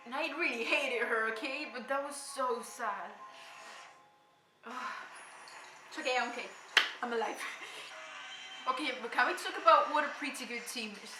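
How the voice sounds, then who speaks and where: A young woman reacting to a TV episode, excitably talking back at the screen and addressing her viewers. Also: fairly high pitch, echoey room. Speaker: reaction vlogger. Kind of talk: casual reaction commentary.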